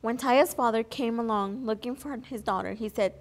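A woman's voice: a little high, normal speed, few pauses. A young woman reading a children's picture book aloud as a volunteer, earnest, with small slips and restarts. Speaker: volunteer story reader.

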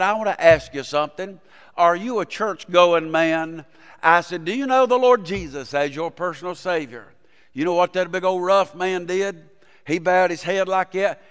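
Folksy preacher in a church. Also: male voice, fairly high pitch, a bit bright, clean tone. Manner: folksy storytelling, rising to fervent preaching. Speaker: pastor. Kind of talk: sermon. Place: church sanctuary. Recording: reverberant church hall.

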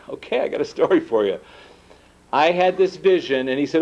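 A man giving a talk to an audience, telling a personal story with lively acted-out dialogue and laughing at himself. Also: mid-range voice, moderate pace. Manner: animated, acts out quoted dialogue, laughs at himself. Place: lecture room. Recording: dull lo-fi talk recording.

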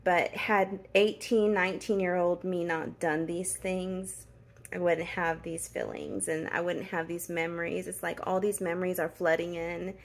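A woman talks slowly and warmly about things she is grateful for, in a casual vlog style. Her voice has a gravelly, creaky edge, and she sounds tired and emotional. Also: on the low side, flat delivery, slight background noise. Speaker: vlogger.

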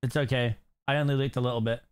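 A young man streaming a game, chatting with friends in a quick, joking way and tripping over his words. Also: mid-range voice, steady tone, smooth, dry recording. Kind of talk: casual gaming chat.

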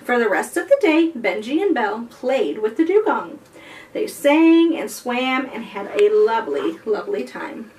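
A woman reading a picture book aloud for a library storytime, in an expressive, animated storytelling manner. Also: fairly high pitch, measured pace. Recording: voice heard from a distance off the mic.

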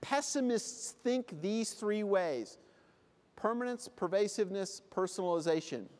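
Man, comic conference speaker, high voice, acts out scenes, long hall reverb. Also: lively intonation, measured pace, a little mellow. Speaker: keynote speaker. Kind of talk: motivational conference speech. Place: convention hall.

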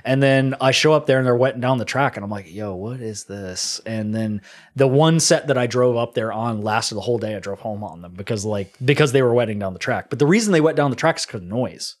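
A man guest on a podcast, telling stories in casual chat with animated delivery and playful put-on accents. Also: medium pitch, quick pace. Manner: animated storytelling, puts on mock German voices.

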